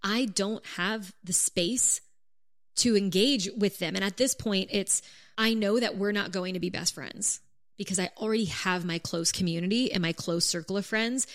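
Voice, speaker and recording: A woman's voice: mid-range voice, normal speed. Woman, podcast co-host, frank, reflective, casual chat, explains at length.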